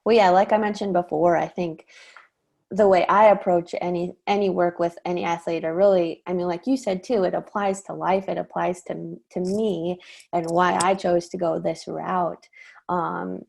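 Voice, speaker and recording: A woman's voice: lowish voice, flat delivery, moderate pace, vocal fry, darkish tone. A woman with a Midwestern US accent, a sports mindset coach explaining her approach earnestly in a casual podcast interview, with many fillers.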